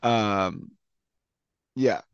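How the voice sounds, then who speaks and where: A man's voice: lowish voice, very slow, vocal fry, smooth, no echo. Young male interviewer, casual, talks in loose run-ons, dry dull recording. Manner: chatty, often checks in with "you know what I mean".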